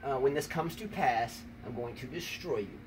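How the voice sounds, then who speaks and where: Outdoors on a rainy day, an American man hosts a tennis talk show, playfully trash-talking his wife in a rambling, teasing way and repeating "number one, okay?" His mid-range voice has lively intonation at a moderate pace. A distant mic picks up faint ambient noise.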